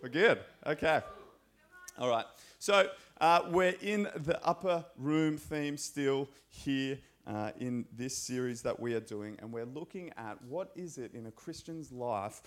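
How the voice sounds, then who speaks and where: A man's voice: mid-range voice, measured pace. A man with an Australian accent, a preacher and school scripture teacher, giving a casual, chatty sermon in a church with enthusiastic stories.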